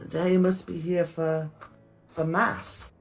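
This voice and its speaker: A soft, aloof hooded woman, as a man puts her on. Her voice is pitched well above his own and comes out slow and measured. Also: little pitch movement, gravelly, soft background music. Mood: disdainful.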